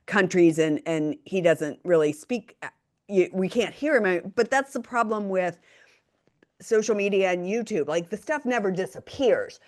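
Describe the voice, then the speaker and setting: A middle-aged woman co-host with a mid-range voice talks politics with conviction. She is animated and emphatic, and laughs easily between points. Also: medium pitch, moderate pace. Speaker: podcast co-host. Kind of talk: casual political chat.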